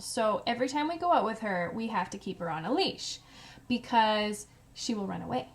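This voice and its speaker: Chatty mom telling stories, higher voice. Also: female voice, normal speed, noisy background. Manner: chatty, lots of "like" and "you know". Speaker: salon owner and mother. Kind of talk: casual storytelling vlog.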